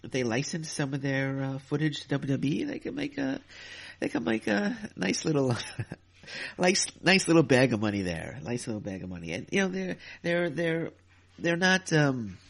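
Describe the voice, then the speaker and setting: A man's voice: fairly high pitch, big pitch swings, moderate pace, creaky. A man hosting a solo podcast, ranting in an exasperated way and repeating himself as he talks. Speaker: podcast host. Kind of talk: casual solo podcast commentary.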